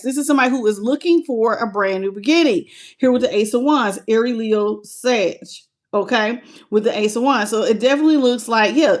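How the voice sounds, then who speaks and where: Chatty woman doing a live tarot reading. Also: fairly high pitch. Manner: chatty, greets chat viewers by name. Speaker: tarot reader.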